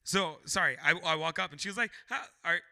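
A young man hosting a podcast, telling a story in a casual chat, animated and swearing a lot, loudly acting out what he said. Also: on the high side, quick pace. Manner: animated, swears often, shouts when quoting himself. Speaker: podcast host.

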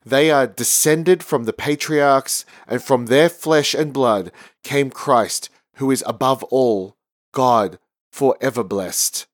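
A man lector giving a measured, formal reading of psalm and epistle at a service. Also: mid-range voice, no echo, clean studio sound. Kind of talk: liturgical scripture reading.

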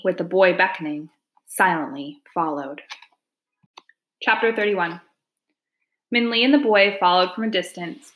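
A woman reading a children's folk-tale novel aloud, calm and measured with hushed suspense. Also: fairly low pitch. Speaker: audiobook narrator. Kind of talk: storybook narration.

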